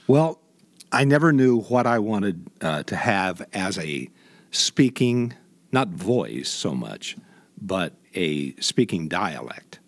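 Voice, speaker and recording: A man from Indiana, a guest in an interview, telling stories in a halting way with many restarts. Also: low voice, very animated. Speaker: guest, voice imitator. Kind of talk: reflective conversational storytelling.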